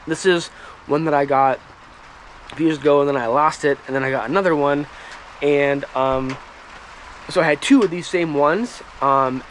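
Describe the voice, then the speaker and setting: A man hosting a firewood channel, talking casually to camera outdoors in halting speech full of ums and restarts. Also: on the high side, a bit bright. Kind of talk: casual vlog talk to camera. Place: outdoors by a woodpile, rain and traffic nearby. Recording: light rain and road noise behind.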